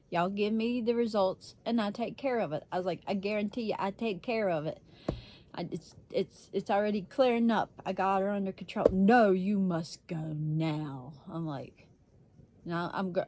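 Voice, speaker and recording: A woman's voice: mid-range voice, a little mellow. A woman vlogger telling a story in a casual, blunt way, swearing freely and laughing often.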